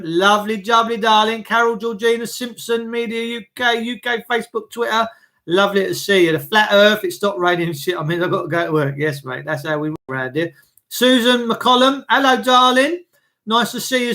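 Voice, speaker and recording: A man hosting a casual livestream, blunt and preachy, swearing freely, clearing his throat as he greets viewers by name. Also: high voice, fairly bright tone. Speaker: livestream host.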